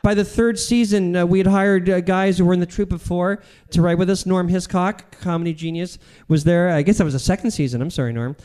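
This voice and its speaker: A middle-aged man, a comedian, telling stories in an interview in an animated, self-deprecating, rambling way. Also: high voice, brisk, hardly any pauses. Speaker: guest comedian. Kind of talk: interview storytelling.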